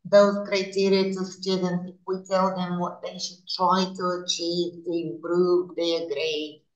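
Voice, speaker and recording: A middle-aged woman co-leading an online teacher training session, explaining in a measured way over a video call. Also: on the low side, little pitch movement. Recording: echoey room on a video call.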